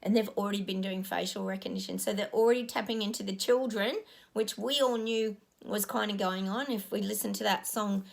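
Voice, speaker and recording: A middle-aged woman talks straight to her audience in a loose, rambling way, filling gaps with ums. Her voice has a gravelly edge, and her pitch sits in a mid range for a woman. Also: steady tone, a little fast. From Australia. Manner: rambling, earnest, with frequent ums. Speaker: psychic giving predictions. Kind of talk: casual monologue to viewers.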